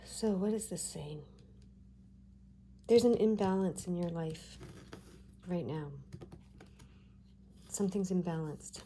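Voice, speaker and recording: A woman giving a tarot card reading, talking gently and reassuringly with frequent check-ins to her viewers. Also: lowish voice, slow pace, pauses often, a little hiss or hum. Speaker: tarot reader.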